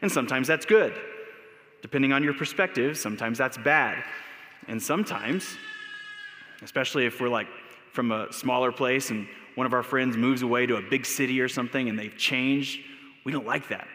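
A man's voice: medium pitch, normal speed, a bit bright, a little hiss or hum. An American man preaching a casual sermon as a pastor, talking in a loose, conversational, storytelling way. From United States. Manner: conversational, storytelling, filler words. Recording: echoey hall with long reverb.

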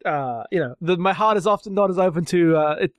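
A man co-hosting a casual podcast, talking in halting bursts full of restarts and fillers. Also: sits high, dry recording. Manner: halting, many restarts and fillers, self-deprecating. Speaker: podcast co-host.

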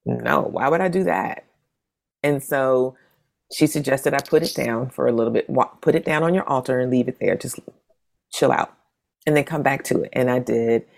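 This is a woman in her forties with a strikingly deep voice and a gravelly texture. She talks in a relaxed, conversational way as a guest. Whenever she quotes someone, she acts the words out with big leaps in pitch. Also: normal speed. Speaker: interview guest, zine maker. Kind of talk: casual storytelling conversation.

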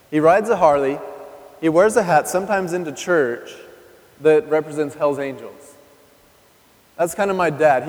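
A man in his thirties giving a personal testimony sermon, talking candidly and directly to the audience. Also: fairly high pitch. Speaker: preacher. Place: church hall. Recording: live recording in a reverberant hall.

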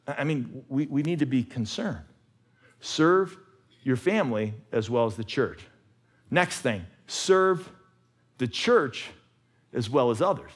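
A male pastor preaching a sermon, moving between conversational asides with restarts and fervent urging that climbs higher and louder. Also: breathy edge.

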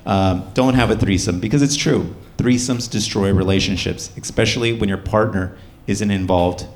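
A man's voice: fairly low pitch, moderate pace, noisy background. A young man doing a stand-up comedy set, with a loose, wry delivery full of fillers.

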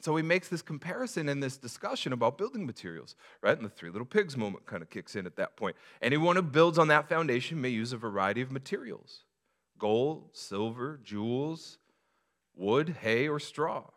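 A male pastor delivers a sermon with a bright, forceful edge to his voice. He talks to the congregation conversationally, asking rhetorical questions and sometimes restarting a phrase. His pitch sits at an ordinary middle level for a man. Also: big pitch swings, moderate pace. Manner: conversational preaching with repeated restarts.

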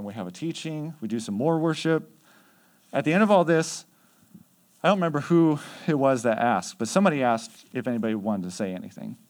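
Guy telling church trip stories, loose and chatty, lots of "like" and "uh", middle pitch. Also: darkish tone. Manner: conversational, chatty with many fillers. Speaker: youth mission trip leader. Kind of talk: casual storytelling.

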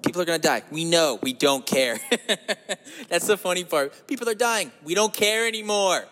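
Sitting in his parked car, a podcast host from New Jersey, United States, runs through a crude, joking, profane monologue on his own show, now and then going loud. His high-pitched voice is expressive, moves at normal speed, and sounds like it's in a large hall.

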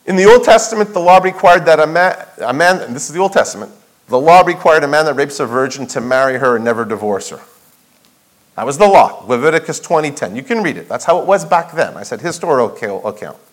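A male pastor delivers a sermon with a high, ringing voice. He presses his points with rhetorical questions and repeats key phrases for emphasis. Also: expressive, fast talker, rough recording. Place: church sanctuary.

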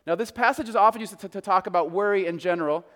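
High, smooth-voiced preacher in a reverberant hall. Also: male voice, fast, fairly bright tone. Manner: conversational storytelling preaching. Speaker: pastor. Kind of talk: sermon.

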